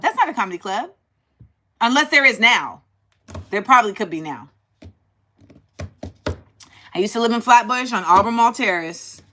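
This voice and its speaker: A woman from Harlem, hosting a casual chat and animatedly acting out the people in her stories. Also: on the high side. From Harlem, New York. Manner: animated, acts out quoted voices. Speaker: host.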